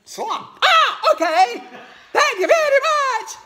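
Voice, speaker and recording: A dad squeaking as a naive mother frog. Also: takes it slowly, full character voice. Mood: chirpy thanks. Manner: squeaky, excited, overly polite. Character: wide-mouthed mother frog, eager and naive.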